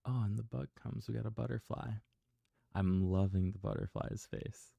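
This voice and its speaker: Deep gravelly man reading bedtime stories. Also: steady tone, normal speed, no room sound. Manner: gentle, chatty, laughs softly to himself. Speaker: bedtime story livestreamer. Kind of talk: casual bedtime story livestream.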